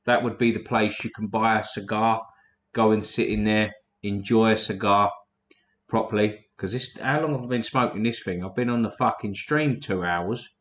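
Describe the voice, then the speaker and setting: A man's voice: fairly low pitch, normal speed, fairly bright tone, muffled recording. A man hosting a casual livestream, reading chat names aloud in a blunt, profane way.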